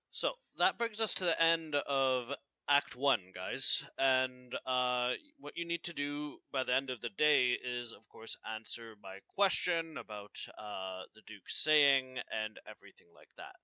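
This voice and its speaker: A male teacher giving a recorded class lecture, explaining slowly and ending nearly every point with "right?". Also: medium pitch, sharp tone, smooth, no echo. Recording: dull lo-fi sound.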